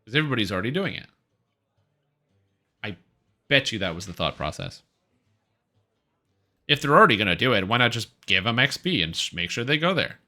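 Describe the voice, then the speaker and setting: Guy streaming games, rambly and opinionated, bright sharp tone, chatty. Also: lowish voice, very animated, brisk, pauses often. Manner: rambling, offhand and opinionated, with frequent fillers. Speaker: game streamer. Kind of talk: casual live-stream commentary.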